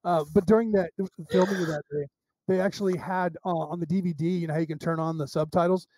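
High, mellow-voiced man telling rambling stories. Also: fast talker, no room sound. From United States. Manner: rambling, animated anecdotes with restarts. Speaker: interview guest. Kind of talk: casual storytelling interview.

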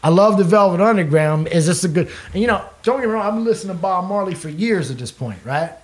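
A man's voice: high-pitched, expressive, fast. A young man, a musician, telling a long rambling story in casual chat, swearing freely and laughing often. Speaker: guest musician.

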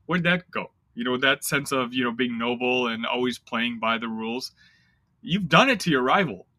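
A man's voice: medium pitch, lively intonation, normal speed, pushed and bright, dry recording. A young man co-hosting a sports podcast, ranting in casual, exasperated chat full of fillers. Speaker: podcast co-host.

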